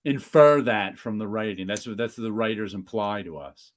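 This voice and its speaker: A man's voice: fairly low pitch, normal speed. A man hosting a casual podcast chat, joking and slipping into mock voices. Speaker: podcast host.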